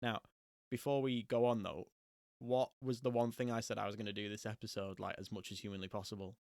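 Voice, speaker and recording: Brief: young guy, podcast host, jokey chat, gravelly tone. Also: on the low side, level tone, fairly quick, darkish tone, no echo, studio quality. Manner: jokey, laughs often, does silly voices. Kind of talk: casual chat.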